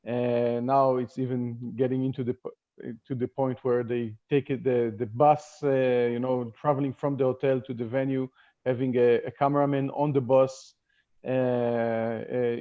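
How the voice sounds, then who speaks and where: A man speaking on a webinar panel in a halting way, with many fillers and restarts. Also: mid-range voice, level tone, narrow, tinny audio. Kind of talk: casual panel talk.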